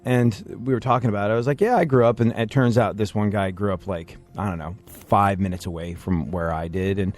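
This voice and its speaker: A man hosting a casual podcast with a slightly low voice, wry and self-deprecating as he rambles through his stories. Faint music plays underneath. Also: fairly even intonation, a little fast, hardly any pauses, darkish tone. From England. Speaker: podcast host. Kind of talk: casual chat.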